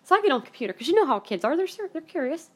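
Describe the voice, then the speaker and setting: A woman hosting a show, telling a story from her own life in a casual, rambling way, blunt and quick to swear. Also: high-pitched, sing-song. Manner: chatty and blunt, swears freely; rambling, with many fillers and self-corrections. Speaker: podcast host.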